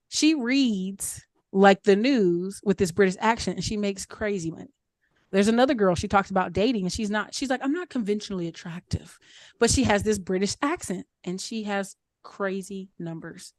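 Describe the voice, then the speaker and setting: A woman in a mid-range voice talks through advice in a relaxed, chatty way, sprinkling in "um" and "like" and circling back to stress her points. The sound is dry and close, with little room to it. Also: mid-range voice, no room sound. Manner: chatty, frequent fillers like "um" and "like"; upbeat advice-giving, repeats points for emphasis. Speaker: mastermind group speaker. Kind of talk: casual Q&A coaching on an online call.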